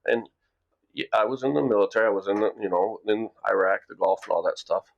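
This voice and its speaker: A middle-aged American vlogger with a lowish, gravelly voice talks fast, rambling through a story to camera in a casual vlog. He often repeats words along the way, and the recording sounds dull and lo-fi.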